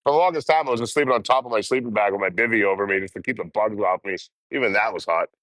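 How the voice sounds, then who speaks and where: A young man streams live outdoors on a train journey, chatting, laughing and swearing with his viewers. His fairly low voice moves very fast, a bit bright, with no echo.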